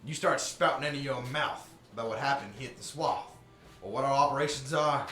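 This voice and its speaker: A man's voice: medium pitch, fairly quick, a bit bright, faint music behind, pitched above the performer's own voice, close to an everyday voice. A man voicing a mocking, threatening male criminal enforcer in a tabletop game, in a roomy live stream recording. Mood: menacing.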